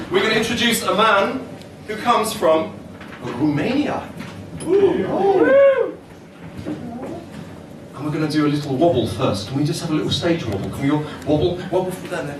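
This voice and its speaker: A man's voice: fairly high pitch, big pitch swings, a little slow. A middle-aged man hosting a comedy club night, working the crowd in a cheeky, swearing stand-up manner. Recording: echoey club from far off, noisy.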